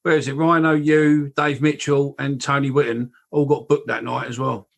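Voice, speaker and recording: A male podcast host with a gravelly, creaky voice prompts his guest with facts and details he remembers. His tone is casual and conversational. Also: medium pitch, level tone, normal speed. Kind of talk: casual interview questions.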